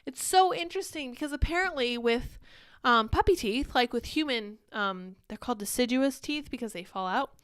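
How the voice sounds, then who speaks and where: A chatty young woman hosts a live stream, talking casually and reading out viewer comments. Her voice sits a bit high and comes through smooth and clean. She sounds slightly short of breath. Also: normal speed. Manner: chatty, animated, reads viewer comments aloud. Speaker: livestream show host.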